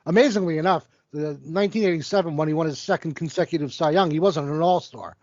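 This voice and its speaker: A man's voice: fairly high pitch, fast, darkish tone, no echo. A man in his forties co-hosting a casual sports podcast, cursing freely and rattling off statistics. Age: 40s. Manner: profane, rattles off stats. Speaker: podcast co-host. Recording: dull lo-fi dry recording.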